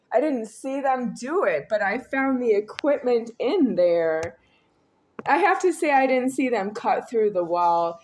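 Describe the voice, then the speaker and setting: Woman video creator, unhurried and rambling, talking solo to camera in repeating loops. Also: medium pitch. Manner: rambling, repetitive, swings between quiet and raised.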